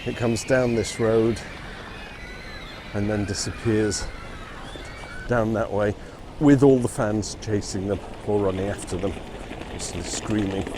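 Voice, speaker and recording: A man's voice: fairly low pitch, fairly even intonation, measured pace, pauses often, noisy background. A man narrating a casual walking vlog outdoors on city streets. He talks in a chatty way and chuckles often. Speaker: vlogger touring film locations.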